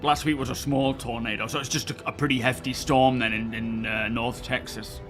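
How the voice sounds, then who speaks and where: A man's voice: mid-range voice, fairly even intonation, moderate pace, faint music behind. A man, casually chatting with live-stream viewers and greeting them by name. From England. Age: 30s. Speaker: game streamer reading live chat.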